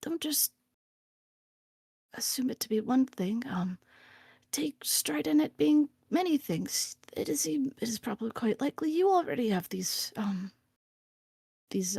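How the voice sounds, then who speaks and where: A woman playing a hushed, gravelly mentor. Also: on the high side, animated, dry recording, clean studio sound, exaggerated voice. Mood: earnest. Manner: slow, hushed, partly whispered. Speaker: player.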